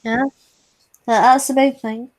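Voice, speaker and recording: A woman's voice: a little high, fairly even intonation, unhurried. A woman in her late twenties who laughs often while chatting casually in a voice chat. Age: 20s. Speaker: artist.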